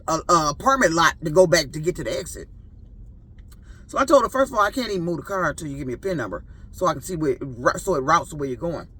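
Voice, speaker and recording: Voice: mid-range voice, sharp tone, husky. A rideshare driver in their fifties, ranting in a profane, indignant storytime vlog. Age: 50s.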